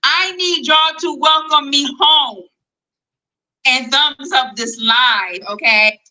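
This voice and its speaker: Excited woman on a live stream, super bright voice, gushy, keeps repeating herself. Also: sits high, takes it slowly, rough recording. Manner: excited, gushing, repeats words. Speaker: livestreamer. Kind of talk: casual livestream chat.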